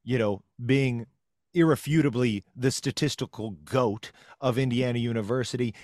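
Male co-host, mid-pitched, playful interviewer, dry close mic. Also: expressive, moderate pace, no room sound. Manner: playful, long wind-up questions. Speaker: podcast co-host. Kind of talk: casual interview chat.

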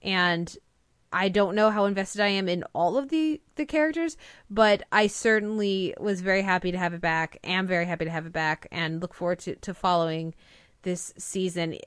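A woman's voice: on the low side, moderate pace, clear, resonant tone, no room sound, studio quality. A young woman co-hosting a casual podcast, chatting enthusiastically about TV episodes with frequent fillers and restarts. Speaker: podcast co-host reviewing TV.

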